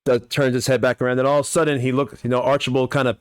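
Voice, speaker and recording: A man's voice: medium pitch, little pitch movement, rapid-fire, clean tone. A man narrating a tabletop game as game master, rambling with lots of fillers.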